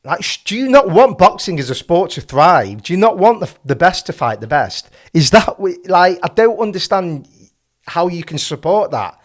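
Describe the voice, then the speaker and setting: Man, high voice, very animated, passionate ranting commentary, rhetorical questions. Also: normal speed. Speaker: boxing channel host. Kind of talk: opinionated commentary.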